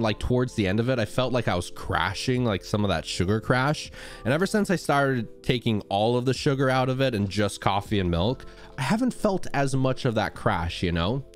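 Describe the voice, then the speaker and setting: Hyped streamer guy at home, voice kinda cracking, bounces way up when he greets chat, lil music in the back. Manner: upbeat, greets viewers by name with excited high-pitched jumps. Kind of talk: casual live-stream chat.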